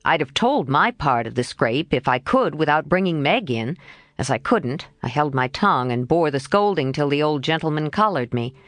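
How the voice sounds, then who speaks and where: A woman's voice: deep voice, lively intonation, moderate pace, fairly bright tone, dry recording. A woman reading an audiobook, voicing a spirited teenage boy who growls his words in a sulky, indignant way.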